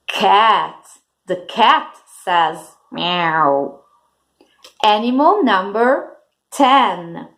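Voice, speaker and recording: A teacher speaks very slowly to young children, drawing each word out and spelling out its first sounds. Her pitch rises and falls a lot, and English is not her first language. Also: sing-song, a bit bright. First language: Italian. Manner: slow, deliberate, sounding out first letters for kids.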